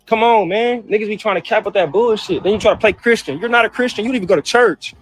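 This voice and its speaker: A brother caught up in a family feud lets loose an emotional, profane rant about his mother, saying the same things over and over against faint background music. He talks fast in a high voice.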